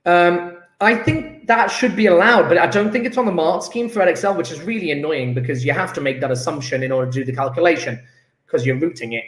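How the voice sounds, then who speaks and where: A man's voice: on the high side, quick pace, fairly bright tone. A man, a chemistry teacher reviewing homework in a classroom, chatty and enthusiastic, thinking aloud as he works through answers. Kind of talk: recorded homework review lesson. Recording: echoey room.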